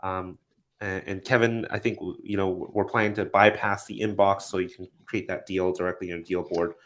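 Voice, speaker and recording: Male host for a casual product update, lowish voice, laid-back with lots of "um"s. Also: a little fast. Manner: relaxed, filler-heavy, upbeat sign-offs.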